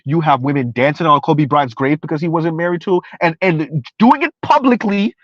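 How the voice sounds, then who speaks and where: A man's voice: fairly high pitch, normal speed, dry recording. A man under forty giving casual live-stream commentary, emphatic and repetitive, ranting and laughing often. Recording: dry, slightly dull lo-fi sound.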